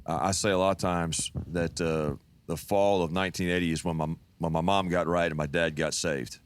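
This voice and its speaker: Man, 50s, pastor, deep voice, folksy testimony storyteller. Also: steady tone, normal speed, clear, resonant tone, no echo. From Texas.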